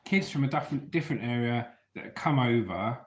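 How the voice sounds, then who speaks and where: A man's voice: mid-range voice, animated, fairly quick. A man from England, telling stories from his youth to an online audience in a chatty way, often checking in with his listeners. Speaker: storyteller vlogger. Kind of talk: casual storytelling to an online audience. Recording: roomy echo.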